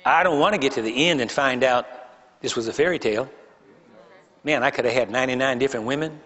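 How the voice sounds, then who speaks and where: A man's voice: mid-range voice, fast talker, a bit bright, long reverb tail, lo-fi sound. A male pastor preaching a sermon to a congregation. He teases and jokes with them, leans hard on key words and repeats phrases for emphasis. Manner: joking, teasing the congregation between emphatic points. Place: church sanctuary before a congregation.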